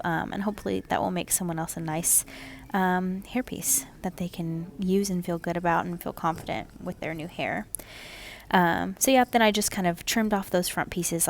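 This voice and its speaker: A woman casually narrating her home haircut video, chatty and relaxed, with lots of "um"s and "kinda"s. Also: fairly low pitch, gravelly.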